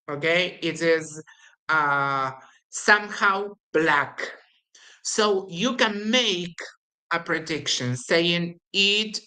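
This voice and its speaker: A woman with an Argentine Spanish accent teaching English grammar, slowly explaining and repeating example sentences with exaggerated intonation. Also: on the low side, sharp tone, poor audio. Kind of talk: recorded language lesson.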